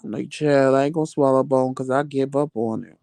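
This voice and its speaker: A man hosting a casual live chat, answering viewer comments with animated, profane storytelling. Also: medium pitch, brisk, clear, resonant tone, no echo. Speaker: livestream chat host.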